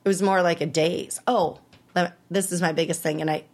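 A woman in her thirties tells a personal story in an interview, her voice fairly low for a woman. She is animated and acts out the other people's lines. Her pitch jumps high when she relives the hardest moments. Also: brisk. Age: 30s. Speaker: interview guest.

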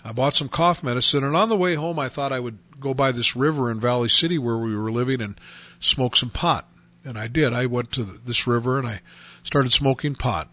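A man from North Dakota giving a personal testimony, telling his story earnestly and haltingly with many restarts. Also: mid-range voice, bright, forceful tone.

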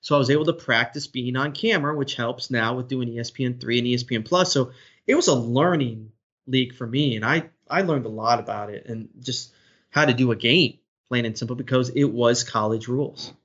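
An earnest man in his thirties, a sports broadcaster, talks through a difficult personal story on a podcast. His voice sits at an ordinary pitch and he often restarts his sentences. The recording sounds dull and lo-fi. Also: brisk, a bit bright. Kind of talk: podcast interview. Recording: dull lo-fi audio.

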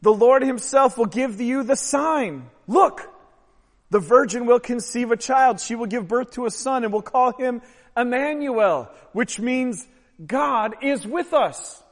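A man preaching a sermon as pastor, emphatic and swelling louder on key phrases. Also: very high voice, animated, measured pace. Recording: long hall reverb.

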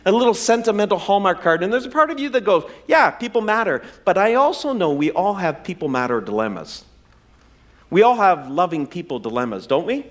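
Animated, high-voiced man preaching. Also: fairly quick. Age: 40s. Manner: humorous, conversational preaching with self-deprecating asides. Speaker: pastor. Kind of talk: sermon.

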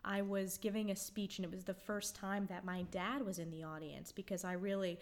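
A woman's voice: mid-range voice, little pitch movement, a little fast. An American woman in her thirties, a member of Congress, answering interview questions in an earnest, reflective way with frequent ums and restarts. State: choked up. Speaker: congresswoman guest.

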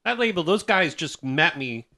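A man in casual band chat, telling tour stories in an animated way, acting out quotes and swearing. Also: on the high side, moderate pace.

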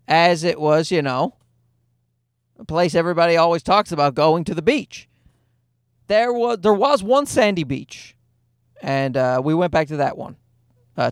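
Profane, high-voiced ranting man. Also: no room sound, clean studio sound. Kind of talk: casual comic storytelling.

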